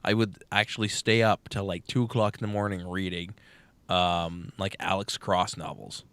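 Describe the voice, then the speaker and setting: A man's voice: deep voice, steady tone, normal speed, fairly bright tone, clean tone, dry recording. A young man co-hosting a podcast, telling a long crude joke casually, swearing often and acting out the characters. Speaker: podcast co-host.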